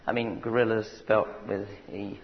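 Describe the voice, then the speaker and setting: A man's voice: on the low side, level tone, normal speed. A man preaching a sermon, telling stories and asking the congregation if they follow him. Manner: storytelling, conversational asides to the congregation. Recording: dull recording with long hall reverb.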